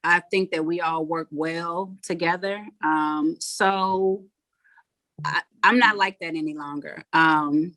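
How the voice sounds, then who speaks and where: A woman's voice: lowish voice, steady tone, slow pace, sharp tone, dry recording. A woman, a head coach talking frankly in a casual interview and acting out what people said. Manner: frank, acts out quotes.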